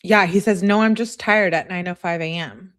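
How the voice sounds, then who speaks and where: A woman's voice: on the low side, moderate pace, fairly bright tone. A woman host reading text messages aloud and commenting on them in a sassy, casual way, often laughing and talking back. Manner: sassy, laughs and talks back to what she reads.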